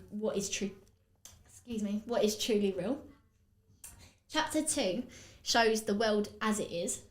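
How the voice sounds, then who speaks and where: Woman podcast host with an Essex accent, rambling casual chat, mid-pitched voice, room echo. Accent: Essex English. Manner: chatty, rambling, with frequent fillers. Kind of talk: casual podcast chat while doing makeup.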